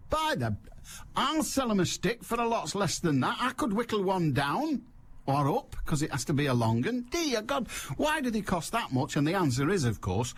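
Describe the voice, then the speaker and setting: A man's voice: high-pitched, slight background noise. A man hosting a call-in radio show, talking in a wry, digressive, jokey monologue. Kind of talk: rambling comic monologue.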